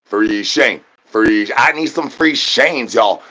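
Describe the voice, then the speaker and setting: A man doing an absurd comedy rant to his chat, spilling rhyming nonsense patter with rapid stuttered repetitions. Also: fairly low pitch, animated, pushed and bright. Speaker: streamer.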